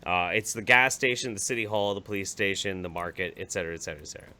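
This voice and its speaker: A man co-hosting a comedy podcast, telling a story in an animated, profane, rambling way. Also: low-pitched, racing, smooth. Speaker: podcast co-host.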